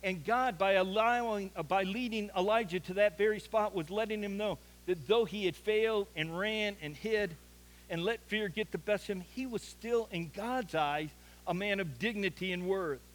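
A man's voice: high voice, moderate pace, low-quality recording. A man preaching an earnest sermon as a pastor, building to emphatic peaks.

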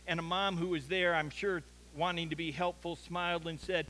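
A pastor preaches a sermon in a fairly high, steady, pushed and bright voice, at a moderate pace with few pauses. He tells stories earnestly and frequently stammers through restarts as he goes.

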